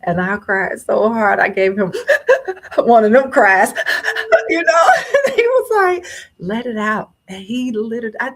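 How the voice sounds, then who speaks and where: A woman in her thirties, a guest author telling a personal story in a casual, animated way and acting out other people's lines. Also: on the high side, measured pace. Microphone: phone or remote line.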